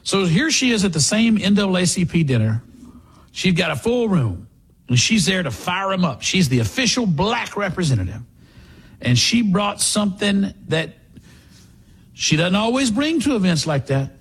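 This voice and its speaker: A man hosting a radio talk show, giving sarcastic, animated political commentary. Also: sits high, moderate pace, breathy edge.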